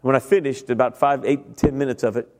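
A man's voice: mid-range voice, fairly even intonation, brisk, a little mellow. Middle-aged preacher telling his testimony in a hall. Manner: conversational storytelling, speaks directly to the congregation. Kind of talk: sermon with personal testimony. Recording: long reverb of a large hall.

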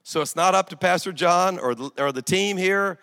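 A middle-aged man, preaching a sermon in a church, telling a story with emphasis and swinging from loud outbursts to hushed asides. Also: sits high, moderate pace. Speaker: pastor. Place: church sanctuary. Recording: long hall reverb in a church.

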